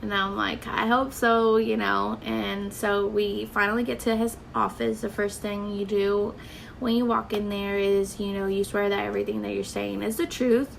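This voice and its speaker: Young woman vlogger, casual storyteller, slight vocal fry, light background hiss. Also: medium pitch, level tone, moderate pace, poor audio. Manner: chatty, filler-heavy, quotes others in dialogue.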